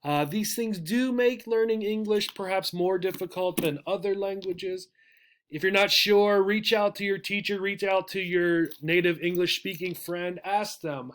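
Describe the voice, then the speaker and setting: A man teaching an English pronunciation lesson, patient and explanatory. He often repeats words slowly and checks in with "right?". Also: high voice, a bit bright, slight background noise.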